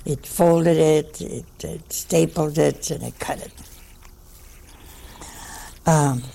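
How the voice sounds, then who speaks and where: A woman's voice: low voice, steady tone, takes it slowly, vocal fry, mellow. An older woman, a nun, telling a wry anecdote to an audience. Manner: wry, anecdotal, with dry asides. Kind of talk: storytelling talk to an audience.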